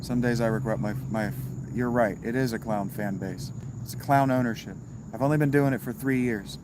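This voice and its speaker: A livestream host reads his chat and responds in a laid-back, wry manner, cursing now and then, his voice at an ordinary pitch and fairly quick. A steady hiss and outdoor crickets chirp in the background.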